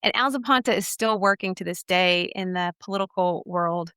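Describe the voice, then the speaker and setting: A woman's voice: on the low side, moderate pace, bright, forceful tone, clean tone, no echo, studio quality. A woman from Texas, a podcast guest telling her life story in an earnest, emphatic way. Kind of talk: personal testimony storytelling.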